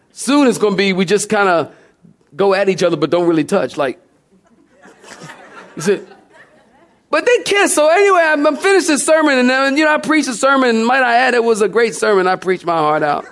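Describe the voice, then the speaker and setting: A man's voice: extremely high pitch, lively intonation, a little fast, a bit bright. A man delivering a sermon to a congregation. He tells stories with humor and keeps asking the listeners questions. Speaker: pastor. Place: church before a congregation.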